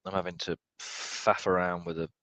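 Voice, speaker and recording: A young man watching a football match live, tipsy, swearing and swinging from low muttering to excited yelling. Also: moderate pace, dry recording. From United Kingdom. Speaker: football fan streamer.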